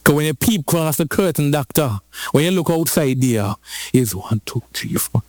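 A man's voice: a little high, lively intonation, moderate pace, no room sound. A man preaching a sermon, telling the story playfully with repetition and call-and-response.

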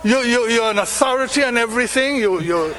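A man's voice: very high voice, brisk, sharp tone, slight background noise. An older man making a defiant, emphatic public reply to an insult. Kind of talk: combative public statement.

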